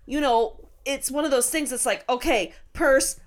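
A woman co-hosting a casual podcast, reacting expressively and telling her own anecdote. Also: sits high. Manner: reacts with quick interjections and laughter, expressive. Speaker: podcast co-host. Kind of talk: casual chat.

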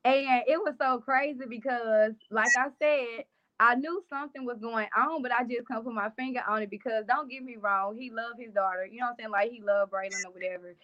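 A woman's voice: fairly high pitch, fairly even intonation, a little fast, highs cut off. A young adult woman, telling her personal story casually as an interview guest, with many trailing fillers.

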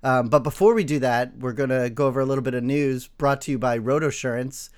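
A man's voice: mid-range voice, a little fast. A man hosting a fantasy football podcast in a casual, easygoing way, laughing often. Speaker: podcast host.

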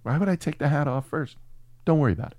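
A man co-hosting a casual film podcast, animated and swearing freely as he riffs on a movie. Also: a little high, fast, dry recording. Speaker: podcast co-host. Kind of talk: casual movie review chat.

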